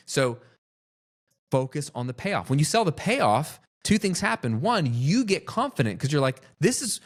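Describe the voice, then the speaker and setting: A middle-aged man and business coach, talking straight to camera in an emphatic, teaching style and repeating phrases for stress. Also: medium pitch. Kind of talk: direct-to-camera teaching talk.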